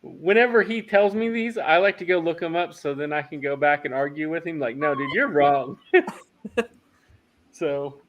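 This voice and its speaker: A man hosting a casual livestream chat, talking in a halting way with lots of fillers and restarts. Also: a little high, fairly even intonation, dull audio, background noise. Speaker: host of a farm livestream.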